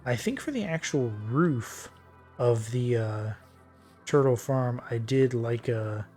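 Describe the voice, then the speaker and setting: A man streaming a building game, thinking aloud in a relaxed, muttering way as he works. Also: mid-range voice, slow, soft background music. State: hiccuping. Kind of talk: casual game commentary while building.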